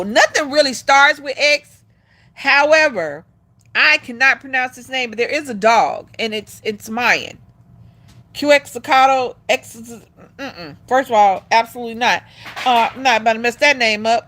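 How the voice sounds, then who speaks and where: A woman with a fairly high, sharp voice hosts a casual livestream at a normal pace, chatting with viewers she calls "y'all." She also coaxes her dog in a sing-song way.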